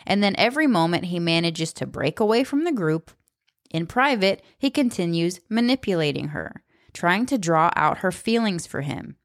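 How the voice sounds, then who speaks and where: A woman's voice: on the low side, animated, moderate pace, no room sound, studio quality. A woman in her thirties giving blunt, sarcastic spoken commentary, swearing freely. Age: 30s. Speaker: book commentator.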